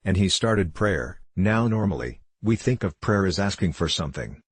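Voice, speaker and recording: A low, husky-voiced man shares anecdotes as an interview guest, relaxed and gently self-mocking. He talks over a video call from a room at home, and his voice comes through dry and close. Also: normal speed, no room sound. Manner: wry, self-deprecating anecdotal delivery. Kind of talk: relaxed storytelling in a conversational interview.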